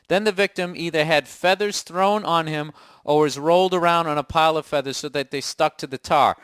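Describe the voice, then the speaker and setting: A man co-hosts a casual comedy podcast from an apartment, trading sarcastic, teasing banter and reading things aloud mockingly. His voice is fairly high, fairly bright, clear, and resonant, with studio-quality sound and no echo.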